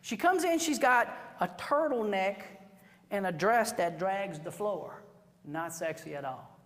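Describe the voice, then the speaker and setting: A woman's voice: mid-range voice, a little slow. Chatty woman teaching in a reverberant hall. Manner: animated, chatty, acts out quotes with asides to the class. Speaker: photography instructor. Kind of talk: workshop teaching to a live class.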